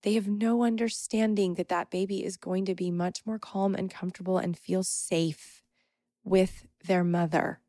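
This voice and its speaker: A woman's voice: mid-range voice, steady tone, normal speed, dark tone, no room sound. A young adult woman hosting a podcast, telling a personal story in an emphatic, indignant, casual way. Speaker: podcast host.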